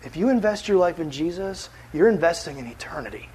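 A man preaching a casual, animated sermon as a youth pastor, full of filler words. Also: on the high side, a little fast, a little hiss or hum, low-quality recording.

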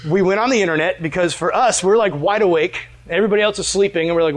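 A man preaching a casual storytelling sermon, chatty and animated, full of "like" fillers. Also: high-pitched, fast. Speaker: pastor.

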